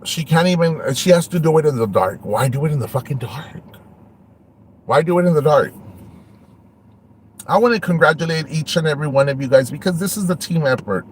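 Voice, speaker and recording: A man's voice: a little high, slight background noise. A man hosting an online show, ranting and taunting a rival, switching between English and Spanish. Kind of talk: ranting livestream talk.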